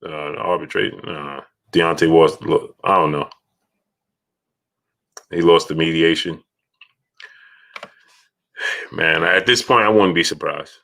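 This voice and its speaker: A man's voice: rumbling low, unhurried, vocal fry, long pauses, bright, forceful tone. A man hosting a casual livestream, greeting chat donors and repeating himself as he talks. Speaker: livestream host.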